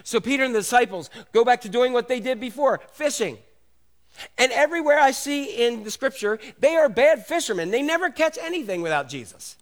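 High-voiced animated male preacher. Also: fairly quick. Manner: animated storytelling, acts out the voices, drops soft and low for tender parts. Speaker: pastor. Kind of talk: sermon.

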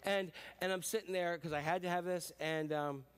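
A man's voice: high voice, steady tone, normal speed, smooth. A middle-aged man preaching a conversational sermon as a pastor, telling stories in a chatty, self-deprecating way with many fillers.

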